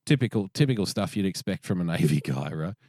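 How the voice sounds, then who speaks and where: A man's voice: sits low, quick pace, no echo, studio quality. A man with an Australian accent, co-hosting a podcast, swearing freely while telling a story in casual chat. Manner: swears a lot, animated storytelling. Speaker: podcast co-host.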